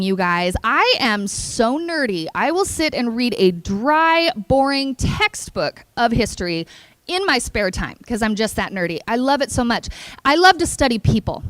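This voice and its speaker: Energetic woman giving a motivational talk. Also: high voice, dry recording. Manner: energetic, playful, engages the audience. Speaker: keynote speaker. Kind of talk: motivational conference speech. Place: conference hall.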